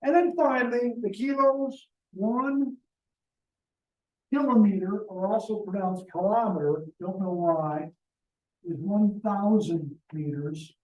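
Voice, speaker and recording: A man's voice: high voice, takes it slowly, mellow, echoey room, distant mic, dull audio. A man teaching a math lesson to a class, joking and talking to the students directly. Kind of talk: classroom lecture.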